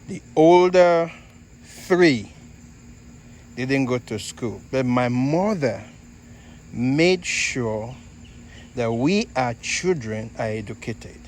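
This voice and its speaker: A man from Nigeria with a Nigerian accent, hosting a casual garden vlog in an unhurried, halting way. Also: mid-range voice, lively intonation, slight background noise, rough recording. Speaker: fig grower and channel host.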